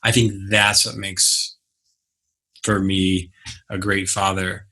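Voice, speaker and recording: A man's voice: sits low, level tone, takes it slowly, bright, forceful tone. A man being interviewed as a guest, speaking casually and acting out his own reactions when he tells a story. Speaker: guest, business mentor. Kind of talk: conversational interview.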